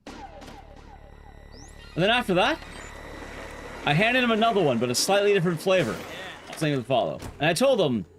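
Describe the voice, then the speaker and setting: A man's voice: a little high, sing-song, fast, faint music behind. A man streaming a speedrun, telling a rambling story in casual chat and swearing freely.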